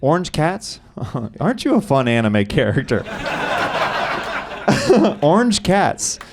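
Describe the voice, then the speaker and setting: A man's voice: medium pitch, big pitch swings, takes it slowly, noisy background. A man hosting live stand-up, teasing the audience and hyping up the crowd for the next comic. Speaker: stand-up comedy host. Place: comedy club stage. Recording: live club mic with loud crowd.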